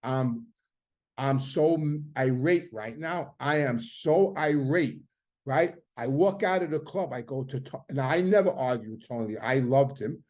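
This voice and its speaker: A man's voice: mid-range voice, measured pace. A middle-aged man telling a story casually, acting out the arguments he quotes. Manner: animated, acts out quoted arguments loudly.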